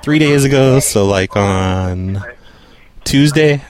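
A man's voice: mid-range voice, expressive, slow pace. A man making a prank call, stammering and whining in mock hurt. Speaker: prank caller.

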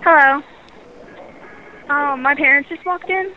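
A woman's voice: high voice, unhurried, narrow, tinny audio, a little hiss or hum. A woman playing a worried young daughter on the phone. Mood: anxious. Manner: hesitant, filler-heavy pleading. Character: worried young daughter calling for her parents.

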